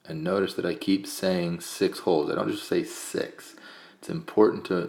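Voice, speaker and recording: Very low-voiced man teaching math. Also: moderate pace, gravelly, roomy sound. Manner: calm step-by-step explaining, counting aloud. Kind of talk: screencast math lesson.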